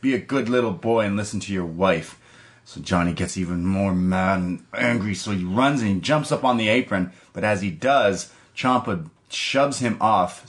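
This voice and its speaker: Rambling low-voiced man recapping wrestling. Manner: loose, rambling recap full of "like" and restarts. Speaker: podcast co-host. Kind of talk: casual wrestling recap chat.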